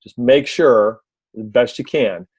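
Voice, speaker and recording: Guy coaching his team on video, mid pitch, casual, lots of uh and you know, dry sound. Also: slow pace, slightly rough, dry recording, muffled recording. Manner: conversational, repeats himself, many fillers and restarts; briefly mimics a loud announcer voice. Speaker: coach giving video tips on a team call. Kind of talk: casual instructional talk.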